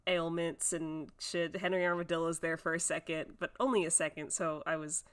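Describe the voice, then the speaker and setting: A woman's voice: low voice, moderate pace, smooth. A woman co-hosting a podcast in casual chat, retelling scenes with frequent laughter. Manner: giggly, animated storytelling with acted-out quotes. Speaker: podcast co-host.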